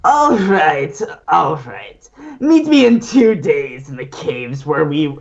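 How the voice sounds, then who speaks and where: A man's voice: on the high side, very animated, slow, vocal fry, highs cut off, pitched above the performer's own voice, heavily acted. A man voicing a sinister female pony villain in a theatrical Saturday-morning cartoon villain voice. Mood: taunting.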